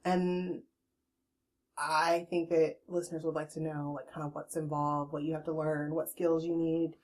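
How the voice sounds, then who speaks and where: A woman's voice: deep voice, flat delivery, moderate pace, darkish tone. A woman hosting a podcast, joking and telling stories in a casual chat on a portable recorder. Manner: jokey storyteller, does silly voices. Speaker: podcast host.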